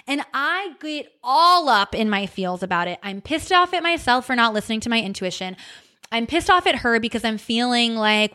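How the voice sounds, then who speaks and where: A woman with a slightly high voice hosts her own podcast, sharing a personal story in an animated, unfiltered way. She talks loosely, with fillers and restarts, and lets a curse slip in when she gets worked up. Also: moderate pace. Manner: candid, animated storytelling with frequent fillers and swearing; seen on camera holding crystal wands. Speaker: podcast host. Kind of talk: personal reflective monologue.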